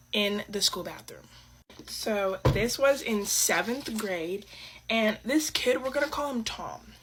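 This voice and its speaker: A woman's voice: medium pitch, breathy edge. A woman telling a casual, confiding storytime about something she saw at school, dropping her voice for the juicy details. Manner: chatty and confiding, dropping to a hush for the juicy parts.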